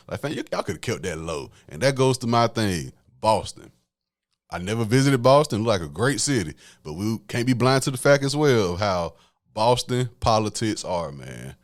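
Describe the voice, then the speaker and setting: A man, hosting a solo podcast and talking casually to his listeners as y'all in a preachy, conversational way. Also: lowish voice. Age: late 20s. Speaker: podcast host.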